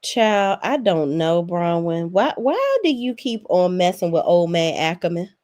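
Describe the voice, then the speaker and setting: A woman hosts a casual reality-TV recap in a fairly low voice. She is blunt, sassy and profane, and she talks straight at the people on the show. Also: sing-song, a little slow, darkish tone. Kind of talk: casual opinionated recap commentary.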